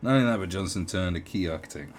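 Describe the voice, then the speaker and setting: Deep-voiced sarcastic man. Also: animated, quick pace, slight background noise. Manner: sarcastic, swearing, mocking asides. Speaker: online commentator. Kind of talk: casual commentary reading an article aloud.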